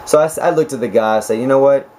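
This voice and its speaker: A man in his twenties, a nurse talking casually to camera with a raspy, hoarse voice, chatty and joking, with laughs between stories. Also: mid-range voice, racing, darkish tone, a little hiss or hum, poor audio. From United States. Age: 20s. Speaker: nurse vlogger.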